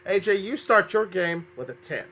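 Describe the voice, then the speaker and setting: Male game show host, bright tone, upbeat, self-correcting, slightly under the weather. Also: sits high, animated, moderate pace, slight background noise. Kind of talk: fan-made game show hosting.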